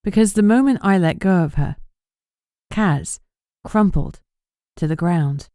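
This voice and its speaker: A woman reading an audiobook in measured, even scripted narration on a close mic. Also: on the low side, clear, resonant tone, no room sound.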